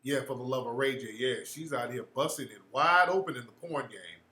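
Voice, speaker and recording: A man's voice: mid-range voice, brisk, sharp tone, echoey room. A man hosting a casual livestream chat, answering viewers in a blunt, slangy, profane way.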